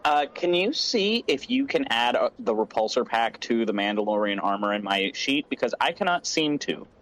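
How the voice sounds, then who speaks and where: A man's voice: mid-range voice, animated, moderate pace, a bit bright. A man chatting casually with friends, blunt and joking. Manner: blunt, laughing banter. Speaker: player. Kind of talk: casual chat.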